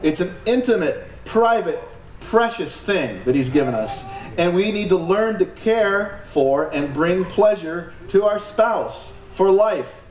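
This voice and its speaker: A man's voice: high-pitched, expressive, slow pace, a little mellow. A man preaching a sermon as pastor, emphatic, with joking asides and laughs. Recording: echoey hall from far off, light ambience.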